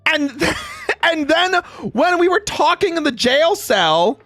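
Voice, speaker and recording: Animated, laughing male streamer. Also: very high voice, slow, no echo, soft background music. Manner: animated ranting with frequent laughter and swearing. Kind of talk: casual livestream chat.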